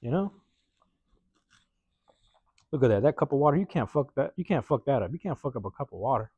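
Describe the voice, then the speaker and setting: A man from the West Coast hosts his podcast in loose, streetwise slang, dropping curses and tagging "man" onto his lines. His voice sits in a middle pitch. The recording is dry and a little dull. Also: brisk, slightly rough, no room sound. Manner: slangy and profane, full of "man" and "bruh" tags; acts out quoted neighbors in lively put-on voices. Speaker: podcast host. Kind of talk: casual storytelling monologue.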